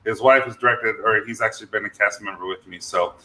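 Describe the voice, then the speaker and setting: A man's voice: lowish voice, fairly even intonation, fast talker, sharp tone, reverberant, rough recording. A man hosting a casual online chat, upbeat and joking, greeting viewers by name. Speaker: host.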